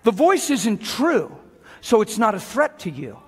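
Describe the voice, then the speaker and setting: A man preaching an animated sermon to a crowd, acting out voices along the way. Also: sits high, measured pace, slightly rough, in a large hall. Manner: animated, exhorting, acts out voices. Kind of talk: lively sermon with acted skits.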